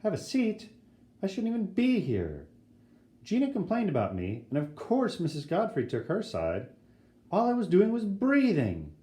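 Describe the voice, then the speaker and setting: A man's voice: high voice, huge pitch swings, normal speed, dark tone, voice pushed up. A man doing a brash, dramatic schoolboy. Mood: indignant. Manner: indignant, dramatic, cocky. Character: brash, excitable eleven-year-old boy. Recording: roomy echo.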